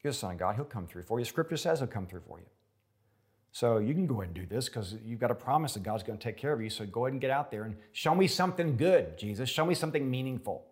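A man's voice: medium pitch, expressive, fast talker, voice pushed up, natural voice. A man voicing the devil as a sly male tempter, needling his listener with mocking questions. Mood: taunting.

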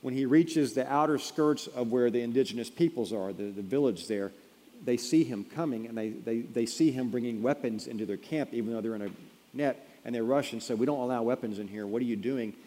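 A man preaching a sermon in a mellow, dark voice, building to loud emphatic peaks before falling to a hush. His voice rings out through a large hall with a long reverb tail. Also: mid-range voice, brisk. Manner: storytelling, building to emphatic peaks then dropping quiet. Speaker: pastor.

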